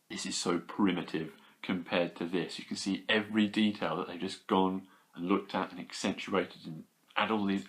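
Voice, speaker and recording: Young British male vlogger, slightly low pitch, eager and rambly, casual chat. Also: a bit bright. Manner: enthusiastic, rambling, quick asides. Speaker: toy collector vlogger.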